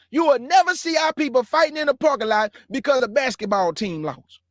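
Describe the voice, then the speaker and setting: Man, high voice, show host, impassioned monologue, emphatic, dry close recording. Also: fairly bright tone, no echo. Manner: earnest, addresses listeners as family and bruh; grows heated and emphatic.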